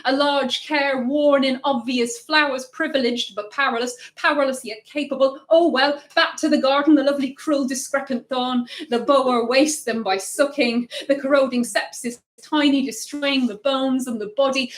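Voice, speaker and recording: A poet, a woman, reading her own work aloud at a live launch, dropping low and quiet then lifting loud. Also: normal speed, hardly any pauses.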